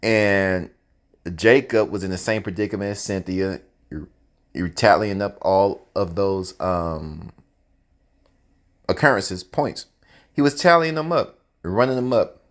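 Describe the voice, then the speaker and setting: A man's voice: low-pitched, unhurried, long pauses. Man telling a story in a loose, profane way. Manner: animated, profane, conversational. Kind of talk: casual spoken storytelling.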